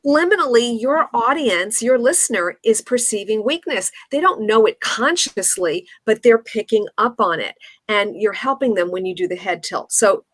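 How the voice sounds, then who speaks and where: A woman's voice: fairly high pitch, animated, moderate pace, hardly any pauses, fairly bright tone, no room sound. A woman giving confident, instructive advice on speaking as an interview guest. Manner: confident, instructive, demonstrates intonation. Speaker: communication coach, guest.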